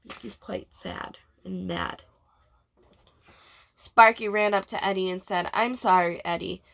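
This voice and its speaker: A woman, a preschool teacher, reading a storybook aloud to children in an expressive way and asking them questions. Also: mid-range voice, measured pace, creaky.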